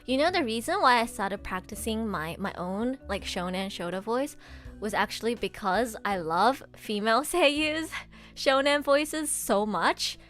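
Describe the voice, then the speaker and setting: A woman voice actress chatting casually on a livestream, excitable and gushing, laughing often. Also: a little high, a little slow, faint music behind. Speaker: streamer and voice actress.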